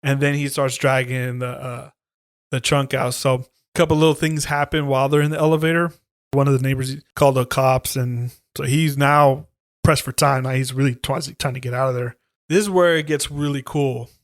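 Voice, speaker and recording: A man's voice: medium pitch, moderate pace, dry recording, studio quality. A man on a podcast retelling a horror movie plot in casual chat, swearing a lot and acting out the characters' lines. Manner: animated storytelling, heavy swearing, acts out lines. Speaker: podcast co-host.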